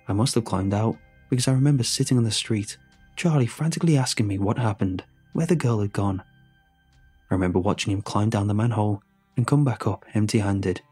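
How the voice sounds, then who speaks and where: Guy, husky kinda low voice, reading a creepy story slow and hushed, soft music behind. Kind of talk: first-person horror story narration.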